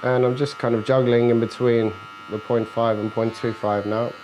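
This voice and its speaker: A medium-pitched, slightly mellow male voice delivers a flat, normal-speed narration of a fade haircut as the barber cuts, breaking down each step and bantering with his client. The barbershop setting brings a faint clipper buzz and slight background noise, and the recording quality is low.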